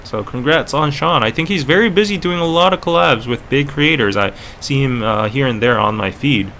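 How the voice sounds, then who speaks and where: A young Korean man hosts a casual live stream with a clean North American accent learned in Canada. His voice is bright and forward, and he rambles through restarts and fillers like "you know" and "like". Faint noise sits under the recording. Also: mid-range voice, moderate pace. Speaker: podcast host and streamer.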